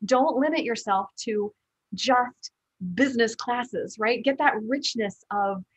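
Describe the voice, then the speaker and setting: A woman's voice: a little high, slow, husky. A woman hosting a podcast interview, talking in an earnest, conversational way and often repeating words as she thinks aloud. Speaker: podcast host. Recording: slightly dull lo-fi sound.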